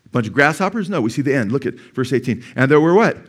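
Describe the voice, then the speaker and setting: A middle-aged man preaching a sermon as pastor in a church, emphatic, rising to loud peaks and asking the congregation questions. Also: medium pitch, big pitch swings, fast, slightly rough. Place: church sanctuary.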